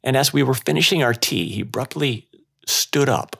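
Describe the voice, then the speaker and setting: A man hosting a podcast, narrating a personal story in a slow, measured way. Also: mid-range voice, animated, creaky, sharp tone, husky. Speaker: podcast host.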